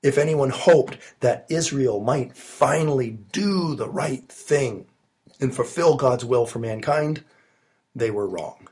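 A man's voice: medium pitch, slow, darkish tone, husky. A man preaching a sermon, recorded alone in his study while he has a cold, earnest and emphatic with rising stresses. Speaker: pastor.

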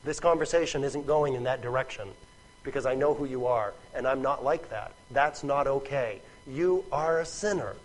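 A preacher playing an earnest insistent teacher. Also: male voice, mid-range voice, normal speed, pitched below the performer's own voice, natural voice, poor audio. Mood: firm.

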